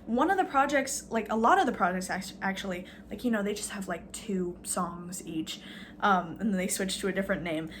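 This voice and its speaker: A woman's voice: medium pitch, a little fast, a little hiss or hum. A woman vlogging a casual, rambling rant, sarcastic and full of fillers, swearing now and then.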